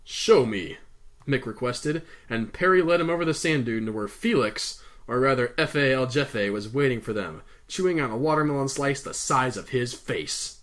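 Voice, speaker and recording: A man's voice: medium pitch, lively intonation, moderate pace, few pauses, fairly bright tone. A man reading a novel aloud casually, breaking off with enthusiastic, gushing comments. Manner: enthusiastic, gushing, laughing asides. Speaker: audiobook reader and video host.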